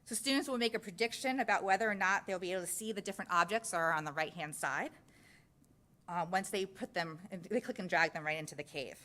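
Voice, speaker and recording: A woman's voice: medium pitch, fast, fairly bright tone. A woman presenting a science curriculum at a school board meeting, walking through slides step by step in an explanatory way. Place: public meeting room.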